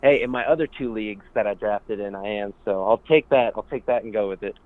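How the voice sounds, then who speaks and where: A man's voice: lowish voice, fairly quick, no room sound. A male caller chatting in an easygoing way on a live sports show. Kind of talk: casual call-in chat. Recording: tinny phone line.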